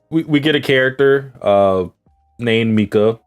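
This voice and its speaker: A man's voice: medium pitch, slow, clean tone, faint music behind. A man hosting a podcast, chatting casually about anime in a rambling way with lots of fillers. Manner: rambling, with many fillers, and laughs at his own jokes. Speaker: podcast host. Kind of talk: casual chat reviewing anime.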